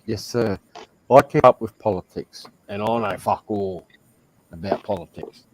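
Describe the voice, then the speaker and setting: A man's voice: lowish voice, normal speed, low-quality recording. A man with an Australian accent chatting casually on a stream, telling stories in a blunt, profane way. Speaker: stream host. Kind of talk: casual chat.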